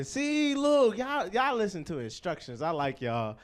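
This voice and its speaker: High-voiced young comedy host. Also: male voice, huge pitch swings, a little slow, few pauses. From Pittsburgh, USA. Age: 20s. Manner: loose, profane, crowd-teasing banter. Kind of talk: stand-up comedy hosting.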